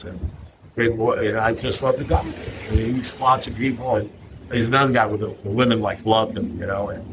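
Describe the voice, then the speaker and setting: A man speaking at a recovery meeting, telling a humorous story to a live audience. He keeps checking in with "you know what I mean?" and jumps into a higher voice to act out what other people said. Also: background noise. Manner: acts out others' lines in a raised voice.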